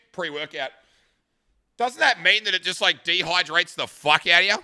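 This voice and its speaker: A man's voice: high-pitched, lively intonation, measured pace, pushed and bright, soft background music. An Australian man in his thirties, chatting casually with stream viewers and rambling through crude stories, swearing freely. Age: 30s. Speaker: live streamer.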